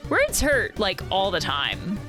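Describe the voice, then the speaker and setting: A woman who works as a counselor, giving casual commentary while playing a game, with quick exclamations and thoughtful asides. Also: mid-range voice, wildly swooping pitch. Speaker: counselor playing video games. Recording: game music under voice. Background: game music.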